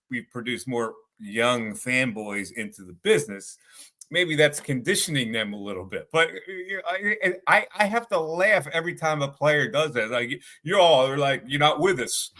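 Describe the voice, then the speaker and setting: A man's voice: mid-range voice, lively intonation, moderate pace, sharp tone. A man who is a veteran sports radio guest, giving blunt, rambling, exasperated opinions.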